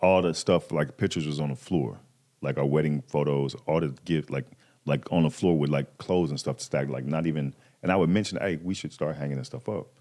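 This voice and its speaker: A man in his thirties, guesting on a podcast, speaks with an extremely low pitch and a slightly quick pace. He tells a personal story casually, full of slang, animatedly acting out the voices he quotes.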